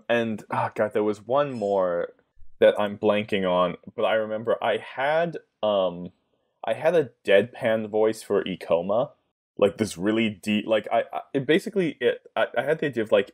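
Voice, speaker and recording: A man's voice: fairly low pitch, expressive, moderate pace. A man chatting casually as a guest on a podcast, often laughing at his own ideas.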